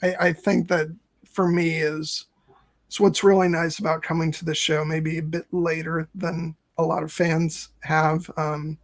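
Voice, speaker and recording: Co-hosting a casual podcast discussion as a first-time viewer, this late-thirties man has a highish voice with little pitch movement, speaking a little slowly. He comes across earnest and reflective, using long, winding sentences.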